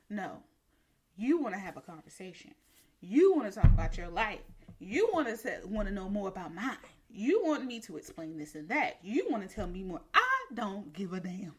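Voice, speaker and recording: A woman's voice: medium pitch, big pitch swings, moderate pace, slightly rough. A woman on a podcast, ranting comically and with emphasis, swearing and laughing as she goes. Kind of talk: comedic rant.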